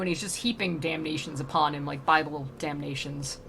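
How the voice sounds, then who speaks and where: A woman's voice: low voice, level tone, moderate pace, bright, forceful tone, a little hiss or hum. A woman streamer giving casual, chatty commentary on a classic poem, with plenty of filler words and an amused tone.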